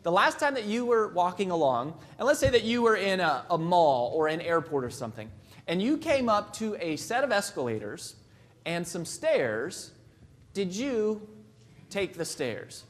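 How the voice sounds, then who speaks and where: A man's voice: high-pitched, big pitch swings, moderate pace. A man giving a live motivational keynote at a convention, telling funny stories and acting out voices. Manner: storytelling, jokey, acts out voices. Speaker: keynote speaker.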